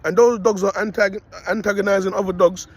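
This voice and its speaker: A man's voice: sits high, fairly even intonation, a little fast, breathy edge. A young man, rambling in a casual preaching monologue full of street slang and repeated "you get me". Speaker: self-styled prophet vlogger.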